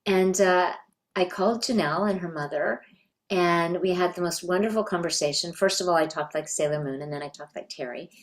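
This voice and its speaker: A middle-aged woman from Canada shares memories as a guest in an interview, speaking in a fairly low voice. She talks in a thoughtful, reflective way. She unhurriedly builds her stories step by step. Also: fairly quick. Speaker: voice actress guest. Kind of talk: reminiscing interview.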